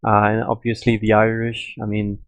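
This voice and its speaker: A man co-commentating a gaming league draft, relaxed and easygoing with lots of fillers. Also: on the low side, moderate pace, no echo, low-quality recording. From Europe. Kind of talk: casual stream commentary.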